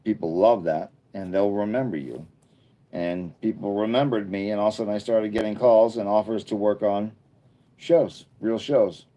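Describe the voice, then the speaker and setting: Rambling middle-aged man, fairly low voice. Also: fairly even intonation, moderate pace, dark tone. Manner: rambling storytelling with frequent restarts; earnest, encouraging, motivational. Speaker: livestream host. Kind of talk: casual livestream chat with viewers.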